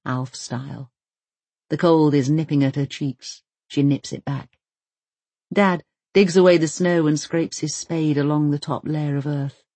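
An expressive audiobook narrator reading a novel in a measured storytelling voice. The tone is somewhat husky, and the recording is close and dry with no room sound. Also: mid-range voice, dry recording. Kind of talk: scripted narration.

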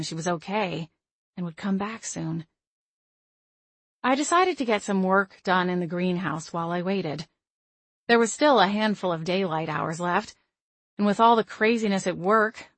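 A woman reading a first-person audiobook in a steady, even storytelling manner. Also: on the low side, dry recording. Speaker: audiobook narrator.

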